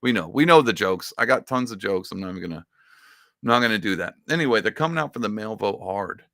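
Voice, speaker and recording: A man's voice: lowish voice, animated, fast, creaky, fairly bright tone, no echo, clean studio sound. A man hosting a casual reaction commentary, talking in a sarcastic, mocking and rambling way. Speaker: political commentary host.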